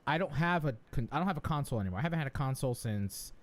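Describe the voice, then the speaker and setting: Man, podcast host, casual chat, jokey, lively pitch. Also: racing. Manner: animated, jokey, playful teasing.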